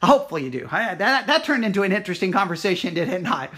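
A man from Texas holds forth as host of a Christian talk program. His voice sits high, and he rambles in an animated, loose monologue, restarting sentences and leaning on fillers as he works through his points. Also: very fast. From Texas, USA. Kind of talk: casual monologue.

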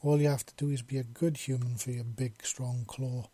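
A man reading a story voices a big scaly male creature who speaks low, soft and purring in a deep, husky voice. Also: level tone, normal speed, no echo, natural voice. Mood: purring, teasing.

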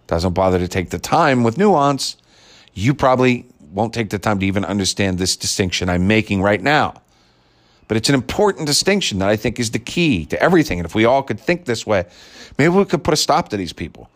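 A man's voice: on the low side, big pitch swings, fairly quick. A man delivering a blunt, sarcastic, profane ranting monologue as a commentator.

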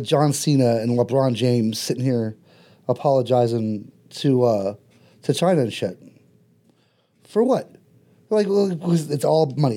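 A man's voice: medium pitch, warm tone. A man in casual podcast chat, blunt, profane and heated.

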